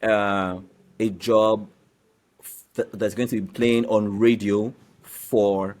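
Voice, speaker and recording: A man's voice: on the low side, slow. A man, a voiceover artist, explaining his trade in a casual interview. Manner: explanatory, animated.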